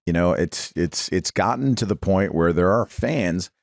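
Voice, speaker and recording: Casting: young man, lowish voice with lively swings, dry mic, excitable teasing co-host. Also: measured pace, vocal fry, dry recording. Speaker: podcast co-host. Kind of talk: casual chat.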